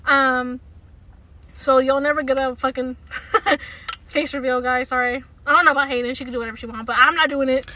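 A woman co-hosting a laid-back podcast, her voice high and bright. She talks in loose slang, curses freely and breaks into loud laughter. She sits a little way back from the mic. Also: steady tone, fairly quick, recorded from a distance. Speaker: podcast co-host. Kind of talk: casual chat.

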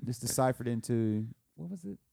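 A man's voice: mid-range voice, expressive, normal speed, vocal fry, mellow, no echo. A man from the American South co-hosting a podcast, telling a family story in a rambling way with restarts and laughs. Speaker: podcast co-host. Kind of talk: casual chat.

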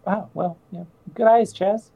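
A woman's voice: mid-range voice, a little slow, gravelly, highs cut off. A woman playing in a tabletop game, chatting playfully and laughing often. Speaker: player. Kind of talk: casual tabletop chat.

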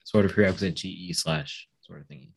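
Very deep husky man, dry remarks. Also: fast talker. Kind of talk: casual family chat.

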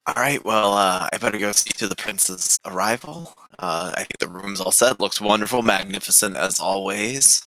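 A man's voice: on the low side, moderate pace, hardly any pauses, bright, forceful tone, dry recording, rough recording. A man voicing a wrinkled ancient male vampire who speaks in a formal, courteous way.

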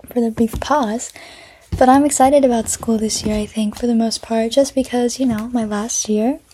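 A woman's voice: on the high side, steady tone, normal speed, mellow, slight background noise. A teenage girl hosting her own podcast, rambling casually with lots of fillers and restarts from her bedroom. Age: teens. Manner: rambling, filler-heavy, self-interrupting. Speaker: podcast host. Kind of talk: casual solo podcast chat.

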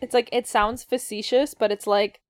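A woman's voice: a little high, steady tone, moderate pace, clean tone, no room sound, studio quality. A woman in casual comedic chat, wry and profane, often laughing.

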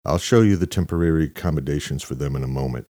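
A man voicing a scheming male boss who gives brisk, businesslike orders in a very deep, husky voice. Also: dark tone, no room sound, studio quality.

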